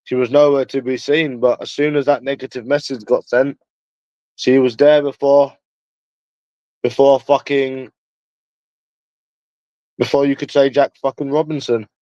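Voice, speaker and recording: A man's voice: mid-range voice, level tone, a little slow, pauses often, dark tone, no echo. A man with a London accent talking casually to viewers in a rambling, crude way, swearing freely. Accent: London English. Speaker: livestreamer. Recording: dull lo-fi dry sound.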